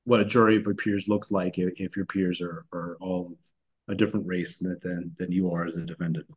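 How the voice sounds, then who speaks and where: A man's voice: deep voice, little pitch movement, brisk, husky. A man co-hosting a podcast discussion, talking in a hesitant way with many restarts and fillers. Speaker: podcast co-host. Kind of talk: conversational discussion. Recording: dull lo-fi recording.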